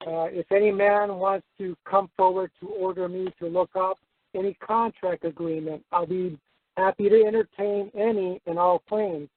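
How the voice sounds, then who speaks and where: A male caller reading a prepared letter aloud, hesitant and halting. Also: high voice, no echo. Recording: tinny phone-line radio audio.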